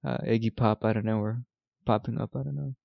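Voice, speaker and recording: Recapping a movie on a podcast he co-hosts, a man chats casually, quotes lines from scenes, and laughs frequently. He talks fast in a low, creaky, steady voice, and the sound is lo-fi with no echo.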